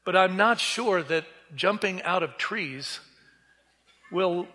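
Bright high-voiced man preaching in a hall. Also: expressive, slow pace. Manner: earnest, acts out quoted voices. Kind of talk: sermon storytelling. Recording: reverberant hall.

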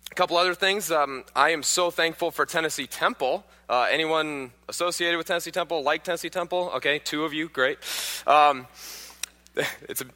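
Guy preacher from pennsylvania cracking jokes, kinda high and sharp, big echoey hall. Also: moderate pace. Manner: joking, questions the audience. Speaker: guest preacher. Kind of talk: sermon with humorous stories.

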